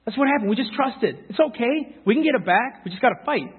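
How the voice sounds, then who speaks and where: A man preaching a sermon, animated and talking straight to the congregation with quick asides. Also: very high voice, husky. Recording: phone-like sound with long hall reverb.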